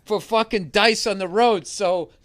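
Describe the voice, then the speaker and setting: A man's voice: high-pitched, a little slow, fairly bright tone. A middle-aged male comedian swapping blunt, profanity-laced stories in a casual chat. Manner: profane, emphatic storytelling. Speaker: comedian guest.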